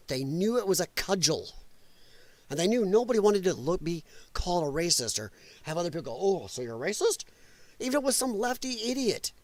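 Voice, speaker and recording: A man's voice: sits high, no echo. Blunt, sarcastic male livestream host. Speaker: podcast host. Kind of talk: livestream commentary.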